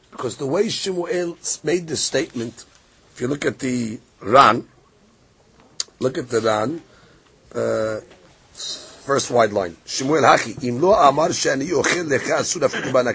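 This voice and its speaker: Gravelly-voiced man teaching Talmud. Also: mid-range voice, expressive, brisk, fairly bright tone. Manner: explains Talmud text by reading Hebrew and Aramaic aloud, then restating it in English. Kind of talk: Daf Yomi Talmud class.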